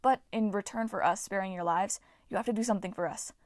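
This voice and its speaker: A woman voicing a cocky, joking teenage boy who talks wryly and a bit lower. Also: fast, darkish tone, dry recording, studio quality, natural voice. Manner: wry, joking.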